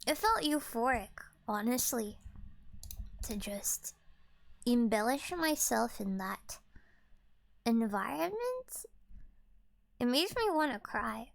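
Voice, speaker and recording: A young woman in a whispered role-play, soft-spoken and rambling, swearing freely and trailing off mid-thought. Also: on the high side, big pitch swings, slow pace, gravelly, pauses often. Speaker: ASMR creator.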